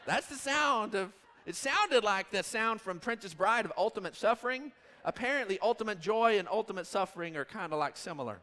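A pastor in his thirties tells a story from the pulpit in a high, bright voice. He rambles and gets animated as he goes. His voice carries a long reverb from the church hall. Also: brisk. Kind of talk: storytelling sermon.

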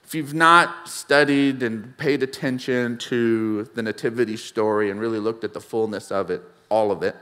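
A middle-aged man preaching a sermon, telling a story with animated swings between loud and soft. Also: medium pitch, normal speed, hardly any pauses, clean tone, big-room sound. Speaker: pastor. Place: church sanctuary.

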